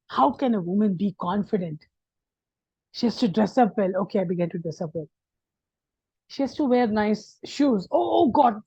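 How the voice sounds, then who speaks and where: Husky warm-voiced Indian English woman. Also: medium pitch, no echo, lo-fi sound. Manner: animated, acts out quoted people. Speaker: guest. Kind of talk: personal storytelling.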